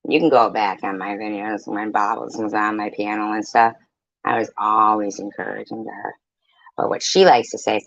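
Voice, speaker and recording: Gravelly woman ranting bluntly. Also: a bass voice, level tone, moderate pace, no room sound. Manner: blunt, profane, heated. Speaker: streamer. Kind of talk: livestream rant to viewers. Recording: dull, lo-fi, dry mic.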